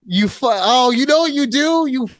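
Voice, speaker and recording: A man co-hosting a casual podcast chat over a remote call, talking in an animated, playful way and swearing often. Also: very high-pitched, normal speed, dry recording, clean studio sound. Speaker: podcast co-host.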